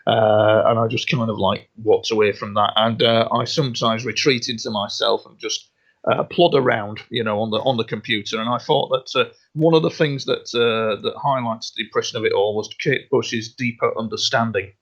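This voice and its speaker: A man's voice: fairly low pitch, fairly even intonation, moderate pace, fairly bright tone. A man, a radio interview guest, talking earnestly and rambling, often repeating himself and restarting his sentences. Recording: dull lo-fi sound.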